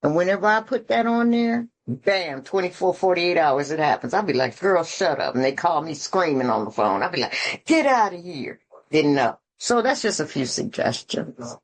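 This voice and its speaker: A woman talks at a recovery meeting in a somewhat low voice. She is blunt and earthy, preaching with folksy slang and swearing. The sound comes over a video call. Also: expressive, moderate pace. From Atlanta.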